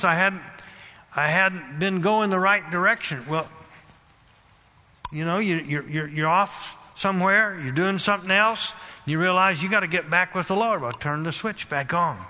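Man, preacher, sermon, fervent repetitive delivery, highish voice, long reverb. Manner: fervent, repetitive, rising to loud exhortation.

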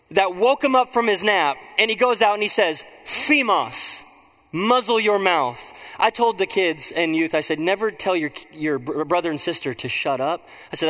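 A man's voice: high voice, a bit bright, big-room sound. A man preaching a conversational sermon as pastor, prompting the congregation to respond.

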